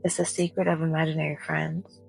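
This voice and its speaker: A woman reading the lines of a tender, sorrowful male imaginary friend in a soft-spoken bedtime story. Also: low-pitched, little pitch movement, fairly quick, gravelly, faint music behind, low-quality recording. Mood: gentle.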